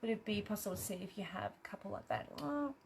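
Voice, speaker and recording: A woman's voice: mid-range voice, animated, quick pace, creaky, a little mellow, a little hiss or hum. Chatty Australian woman, laughing easily. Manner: chatty, laughs often, cheerfully swears. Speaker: host of a live craft stream. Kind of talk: casual live chat reading viewer comments.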